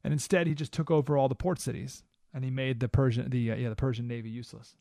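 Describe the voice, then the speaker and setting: A man's voice: medium pitch, steady tone, quick pace, vocal fry, dark tone, dry recording. A man hosting a talk radio show, giving an emphatic monologue full of rhetorical questions in a studio. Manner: emphatic, rhetorical questions, keeps asking "right?".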